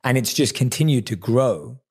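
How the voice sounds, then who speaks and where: A man's voice: medium pitch, animated, normal speed, a little mellow, slightly rough. A man hosting a podcast interview, responding with eager praise and asking long, winding questions. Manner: enthusiastic, affirming, rambling questions. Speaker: podcast host.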